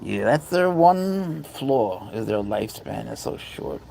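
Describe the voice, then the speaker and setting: Guy with a gravelly creaky voice rambling on a live stream, chatting to his cats and the chat, bit of faint noise behind. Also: medium pitch, sing-song, slow pace, dark tone, rough recording. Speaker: livestream host. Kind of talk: casual livestream chat.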